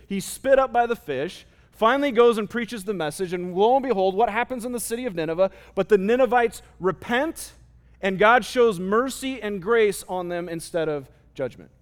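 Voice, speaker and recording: A man preaching a sermon, explaining a scripture passage in plain terms and asking his listeners rhetorical questions. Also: high-pitched. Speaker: pastor.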